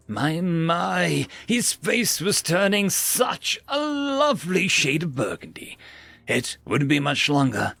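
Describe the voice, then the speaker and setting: A man narrates a sci-fi story in a wry, animated style, his pitch swinging widely. His voice is gravelly and a little high, recorded dry and close with faint music behind. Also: slow pace, no echo.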